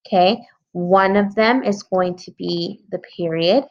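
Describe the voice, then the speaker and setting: With a fairly low pitch and measured pace, a woman teaches young kids a writing lesson, editing her story while patiently talking through her thoughts. The lo-fi recording sounds a little dull.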